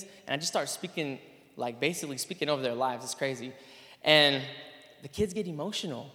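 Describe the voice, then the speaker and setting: A man of average pitch gives an earnest, casual testimony to a listening crowd. He keeps circling back with fillers and restarts as he talks. His voice rings out with a long hall reverb behind it. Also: expressive, fairly quick, bright, forceful tone. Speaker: PE teacher. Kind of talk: spoken testimony to an audience.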